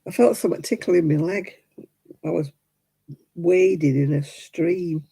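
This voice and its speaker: A woman's voice: fairly low pitch, a little slow, vocal fry, dark tone, slightly rough, rough recording. A middle-aged woman, hosting a homely livestream and chatting with viewers while she crochets. She laughs often and counts her stitches aloud. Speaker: livestream host. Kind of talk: casual chat while crocheting, answering viewers.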